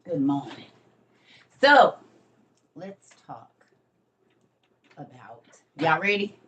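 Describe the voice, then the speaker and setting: A woman's voice: low-pitched, sing-song, very slow, fairly bright tone, lo-fi sound. A middle-aged woman, chatting casually with viewers on a morning livestream from home, calling them y'all. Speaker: livestream host. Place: home room.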